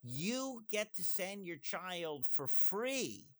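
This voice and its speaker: A man in casual conversation, talking in animated bursts with frequent asides and restarts. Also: high voice. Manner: animated, fast asides and self-interruptions. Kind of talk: conversational discussion.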